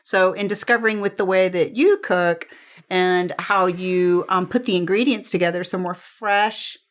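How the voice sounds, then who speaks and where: A woman's voice: fairly low pitch, normal speed. A woman producer and publicity mentor, a guest on a talk show, chatting effusively with many laughs. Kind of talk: casual chat.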